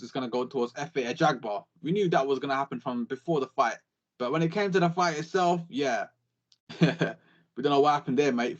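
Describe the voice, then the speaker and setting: A young man, talking boxing in a casual podcast chat, animated and full of swearing. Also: fairly high pitch, lo-fi sound. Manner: animated, sweary, repeats catchphrases. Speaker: podcast co-host.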